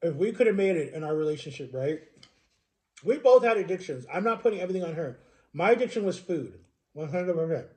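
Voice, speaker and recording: This is a man in his thirties, sharing his personal history on a vlog. His voice sits somewhat high but sounds soft and mellow. He talks in a rambling, earnest, emotional way, and keeps checking in with a quick "right?". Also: lively intonation. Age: 30s. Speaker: vlogger. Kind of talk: personal storytelling to camera.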